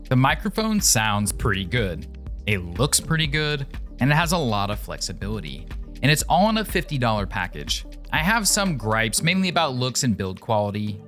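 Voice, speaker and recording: A man's voice: medium pitch, sing-song, moderate pace, fairly bright tone, soft background music. A man giving a casual, upbeat product review, chatty with joking asides and a slightly nasal voice. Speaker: tech reviewer.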